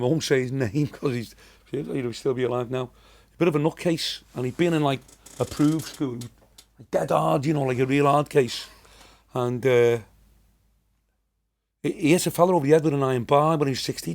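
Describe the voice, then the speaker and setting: A man's voice: medium pitch, fairly quick, vocal fry, darkish tone. A man in his sixties with a Liverpool accent, a comedian telling rambling, chatty anecdotes as a podcast guest. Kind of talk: casual storytelling.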